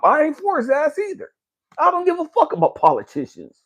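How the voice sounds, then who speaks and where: A man speaking as a spiritual life coach, giving a blunt, cursing motivational rant to the camera that builds to shouting. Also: extremely high pitch, wildly swooping pitch, a little fast.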